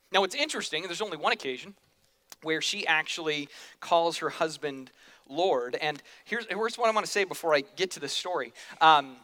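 A man's voice: sits high, sharp tone. A man preaching a sermon in a casual, joking way, slipping into quoted voices, in a church hall. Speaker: pastor. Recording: long hall reverb.

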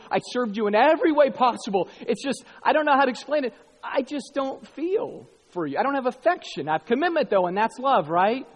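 High-voiced pastor preaching in a reverberant hall. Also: male voice. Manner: animated storytelling, acting out quoted lines. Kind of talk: sermon.

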